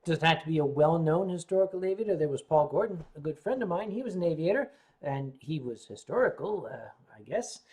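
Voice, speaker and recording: An older man from the United States hosting a casual livestream, rambling, reading viewer comments, often clearing his throat between sips. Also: fairly high pitch, lively intonation, a little fast, a little mellow. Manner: sipping drinks while chatting. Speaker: livestream host.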